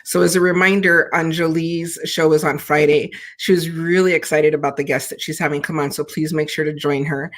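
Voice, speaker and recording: A middle-aged woman hosts a live online check-in, her voice earnest and unhurried. She leads a breathing exercise, counting slowly and steadily into a simple webcam mic. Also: sits low, steady tone. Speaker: host. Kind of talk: livestream check-in show with guided breathing.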